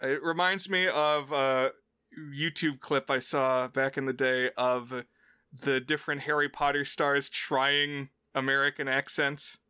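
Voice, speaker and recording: A man co-hosting a podcast, chatting casually about films, playful and quick to mimic accents in short bits. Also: mid-range voice, flat delivery, sharp tone, clean tone, no echo, clean studio sound. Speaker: podcast co-host. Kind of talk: casual chat.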